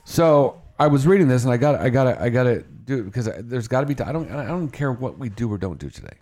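A man's voice: medium pitch, big pitch swings, fast talker, darkish tone. A man hosting a morning radio show, talking in a rambling, playful way that keeps interrupting itself. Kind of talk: casual radio banter. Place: radio studio.

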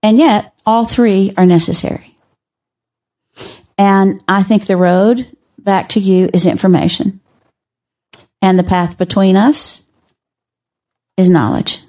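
An older woman, a guest on a podcast, telling stories in a measured, wry way. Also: mid-range voice, warm tone. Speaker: podcast guest, teacher and author. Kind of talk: conversational storytelling.

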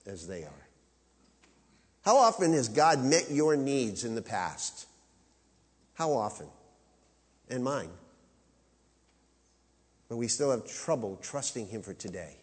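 A man preaching a sermon with emphasis, rising to loud high peaks and dropping to quiet low asides. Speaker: pastor. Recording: long reverb of a large hall.

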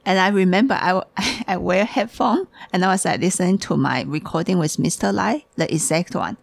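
A woman's voice: fairly low pitch, normal speed, vocal fry, dry recording. A woman hosting a casual podcast, talking in a hurry and restarting her sentences as she gets ahead of herself. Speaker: podcast host and tea shop owner.

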